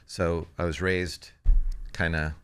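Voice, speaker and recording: Low-voiced man telling family stories. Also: slow pace, smooth. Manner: animated anecdotes, quoting family members. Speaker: pastor, podcast co-host. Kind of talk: casual conversational storytelling.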